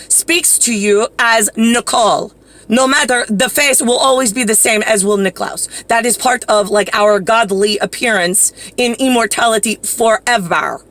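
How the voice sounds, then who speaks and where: A woman's voice: medium pitch, fairly bright tone. A woman talking in a rambling, profane monologue that jumps from topic to topic.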